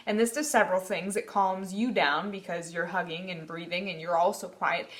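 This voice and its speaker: A woman's voice: fairly low pitch, steady tone, normal speed, a bit bright. A young woman talking casually to camera about parenting, earnest and reflective. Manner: earnest, reflective, acts out her own past reactions. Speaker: mother vlogging about parenting. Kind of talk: casual personal talk to camera.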